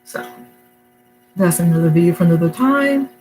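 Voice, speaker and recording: A woman's voice: fairly low pitch, animated, normal speed, dark tone, a little hiss or hum, rough recording. A middle-aged woman talking casually to camera at home, rambling and emotional, with many fillers and restarts. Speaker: vlogger. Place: her home, indoors.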